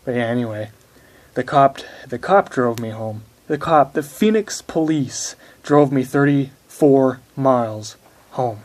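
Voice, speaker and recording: A man's voice: medium pitch, measured pace, a little mellow. Rambling, profane young man. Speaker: vlogger. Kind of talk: casual storytelling to camera.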